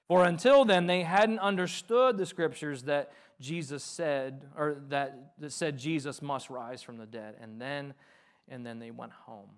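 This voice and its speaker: A man pastor delivering a sermon, reading scripture aloud and explaining it, swinging between loud emphatic passages and quiet, soft asides. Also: a little high, a little slow.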